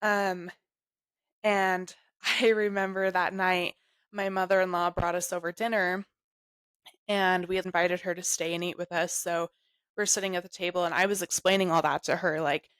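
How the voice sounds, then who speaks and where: A young adult woman telling a personal story in an interview, halting and emotional, full of "like". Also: fairly low pitch, level tone, a bit bright, smooth, no room sound. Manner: halting, emotional, heavy use of "like". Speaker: guest sharing her story.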